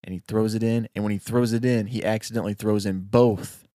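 A man's voice: on the low side, fairly quick, no room sound, studio quality. A man brainstorming a short film, telling a long folk tale with animation. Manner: animated storyteller. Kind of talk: casual brainstorming chat.

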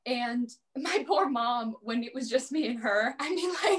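A young adult woman chats casually about cosplay as a guest on a podcast interview, speaking in a highish, animated voice, a little slowly and with hardly any pauses. She's chatty, says "like" constantly and laughs often.

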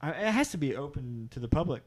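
A man's voice: a little high, big pitch swings, quick pace, slightly rough. A man hosting a podcast, chatting casually and laughing often while watching a movie at home, slipping into playful impressions. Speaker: podcast host. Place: living room at home.

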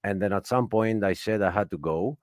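A man with a low voice, recorded dry and close. He talks as a guest in casual chat, animated and mocking as he tells his story. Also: fairly quick, no room sound.

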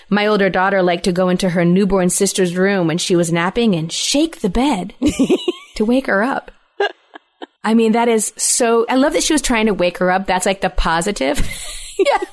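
A woman's voice: mid-range voice, moderate pace. Middle-aged lady hosting a podcast, giggly, chatty, reading listener notes. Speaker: podcast host. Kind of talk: casual chat.

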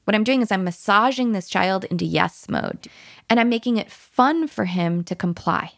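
Animated gravelly-voiced woman parenting coach. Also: mid-range voice, normal speed, no room sound, clean studio sound. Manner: animated and emphatic, dropping to a hushed whisper when modeling soothing words.

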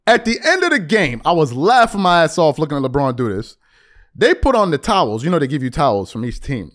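New dude ranting about hoops, slangy, stumbles and restarts, voice jumps up and down a lot. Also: male voice, on the high side. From New York. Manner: animated, slangy, quick restarts. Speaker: sports commentator. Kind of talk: casual sports commentary.

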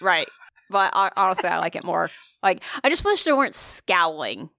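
Bright, animated woman in casual chat. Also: lowish voice, creaky, dry recording, clean studio sound. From Northern Virginia area. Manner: animated, swears freely, quick tangents. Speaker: podcast co-host.

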